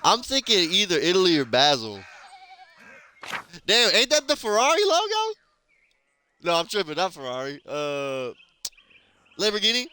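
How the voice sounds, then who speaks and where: A man's voice: high-pitched, wildly swooping pitch, normal speed, pauses often, pushed and bright. A man giving loose, casual gameplay commentary, laughing often and swearing freely. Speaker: gameplay streamer. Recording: noisy background under the voice.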